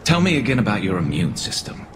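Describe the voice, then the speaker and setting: A man's voice: lowish voice, sing-song, fast. An actor playing a teasing male alien soldier with dry, needling wit, in a roomy game clip. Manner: wry, needling. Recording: roomy game clip with faint background noise.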